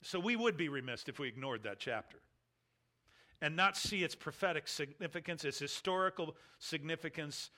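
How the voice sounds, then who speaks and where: Bright-voiced man preaching an emphatic sermon. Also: lively intonation, moderate pace. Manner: emphatic, teacherly, rises to stress points then drops low. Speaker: pastor. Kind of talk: expository sermon.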